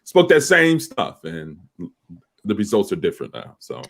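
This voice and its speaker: A man with a deep morning voice, a cybersecurity professor on a panel, telling stories in a relaxed way. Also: moderate pace, creaky. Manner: relaxed storyteller, laughs easily. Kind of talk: casual panel chat.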